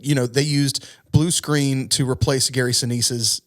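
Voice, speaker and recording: A man co-hosting a podcast in casual, animated chat with frequent laughs. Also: mid-range voice, a little slow. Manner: animated, chatty, laughs often. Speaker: podcast co-host.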